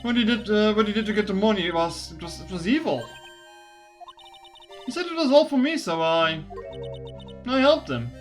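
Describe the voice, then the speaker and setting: Woman doing a quiet troubled girl, hesitant, kinda soft. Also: mid-range voice, very animated, normal speed, pauses often, soft background music, close to an everyday voice. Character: quiet troubled young woman, mob granddaughter.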